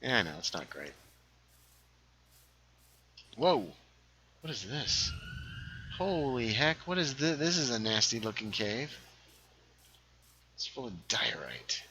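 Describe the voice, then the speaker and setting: A man hosting a casual gaming livestream, chatting while he plays, reading viewer comments aloud and sometimes dropping into hushed asides. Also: medium pitch, slow pace, long pauses, a little hiss or hum, low-quality recording. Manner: lively, reads chat aloud, drops into hushed asides.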